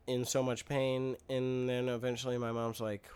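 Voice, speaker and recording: A man's voice: mid-range voice, little pitch movement, normal speed, hardly any pauses, darkish tone, clear, resonant tone. A man co-hosting a podcast, telling a rambling story in casual chat with playful, mock-childish exaggeration. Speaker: podcast co-host.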